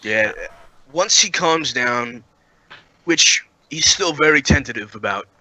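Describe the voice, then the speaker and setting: A man narrating as dungeon master for a tabletop game, describing scenes in a halting way with frequent pauses. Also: medium pitch, animated, sharp tone, dry recording, rough recording.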